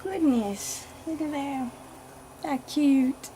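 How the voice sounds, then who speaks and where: At home in a nursery, a woman vlogger unboxes a doll, gushing and giggling as she talks to viewers. Her mellow voice sits high and moves extremely slowly, with slight background noise and birds chirping.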